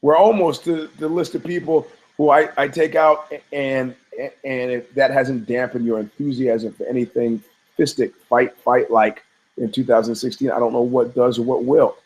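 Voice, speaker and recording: A man's voice: medium pitch, level tone, moderate pace, darkish tone, low-quality recording. A man hosting a fight podcast, rambling through profane stories and asides with frequent restarts. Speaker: podcast host. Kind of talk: rambling casual commentary.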